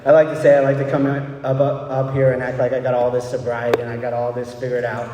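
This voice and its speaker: Talking fast in a medium-pitched voice with no inflection at all, this young El Paso man recounts his recovery at a meeting. His telling is candid and loose, full of "you know" and "right?", picked up by a far-off mic in an echoing hall with a little background noise.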